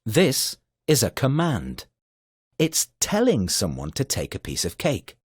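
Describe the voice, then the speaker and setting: A man narrating a children's grammar video in a slow, sing-song scripted style with a husky voice. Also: mid-range voice, a little hiss or hum.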